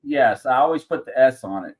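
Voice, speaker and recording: Chatty Southern host greeting viewers. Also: male voice, medium pitch, animated, a little fast, low-quality recording. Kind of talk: live-stream talk show.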